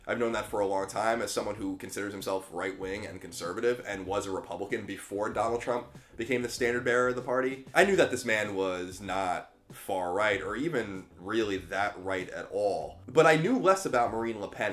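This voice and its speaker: An American man in his thirties hosting a solo political commentary video from a spare bedroom, casual and emphatic, slowing down to stress his points. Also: on the low side. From United States. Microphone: camera in a small room.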